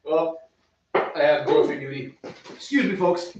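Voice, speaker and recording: A man's voice: a little high, moderate pace, a little mellow, slight background noise. A man co-hosting a home brewing show, joking casually as he excuses himself. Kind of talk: casual chat. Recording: echoey room, dull lo-fi sound from a distance.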